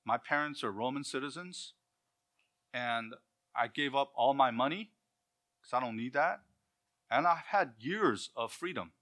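Brief: man playing an old early Christian, selfless, pleading, bright and raised. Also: mid-range voice, measured pace, pauses often, pitched above the performer's own voice. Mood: earnest.

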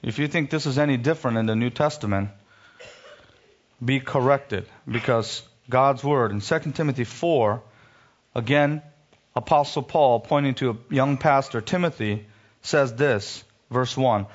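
A man preaching a sermon, reading scripture and rising sharply in pitch when he rebukes, then dropping low for emphasis. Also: measured pace, dull audio.

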